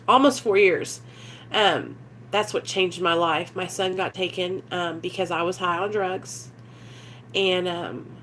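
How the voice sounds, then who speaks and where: Her voice is lowish and a bit bright, carrying a slight background hiss or hum. She's a young recovery vlogger sharing a frank, confessional video, earnest and meandering, with lots of fillers.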